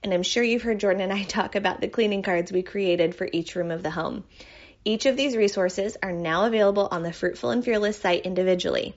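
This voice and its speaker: A woman reading a podcast announcement in a bright, upbeat way. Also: mid-range voice, brisk, dull audio. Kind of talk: read announcement.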